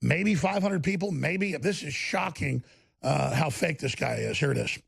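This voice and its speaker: A man's voice: a little high, animated, normal speed, vocal fry, slightly rough. A man with a Texas accent hosting a political commentary show, ranting in a sarcastic, scornful way.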